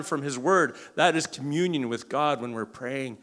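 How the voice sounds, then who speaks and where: A man preaching a sermon, telling a story in an animated way and often restarting or repeating words. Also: medium pitch, normal speed. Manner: animated, acts out quoted dialogue.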